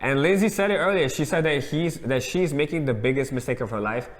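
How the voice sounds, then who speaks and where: Man in a roomy echo, animated slang. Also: a little high, a little fast. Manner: animated, acts out quotes with slang. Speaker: co-host. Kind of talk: casual reality TV review chat.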